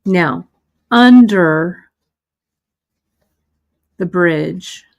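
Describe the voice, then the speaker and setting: A middle-aged woman leads a live beading demonstration. Her voice sits a little low and she takes her time, talking easily as she works. She chats along and laughs at her own mistakes. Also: extremely slow, gravelly, a little mellow. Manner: chatty, self-deprecating, talks while working. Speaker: beading instructor.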